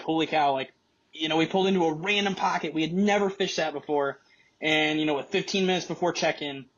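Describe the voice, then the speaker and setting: Excited young man telling a fishing story. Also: on the high side, highs cut off. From Michigan. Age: young adult. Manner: excited, rambling, many fillers. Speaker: college angler guest. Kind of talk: casual storytelling.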